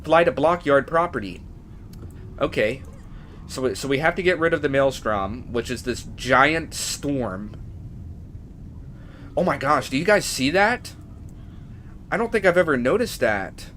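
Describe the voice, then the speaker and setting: A man streaming a game live, chatting casually to viewers and getting emotional and excitable, at times nearly shrieking. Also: mid-range voice, a little slow, pauses often, a little hiss or hum. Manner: emotional, excitable, shifts from calm to near-shrieking.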